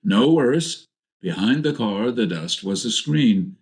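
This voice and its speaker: A man reading a novel aloud in a steady, measured narration. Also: on the low side. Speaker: audiobook narrator. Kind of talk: scripted narration.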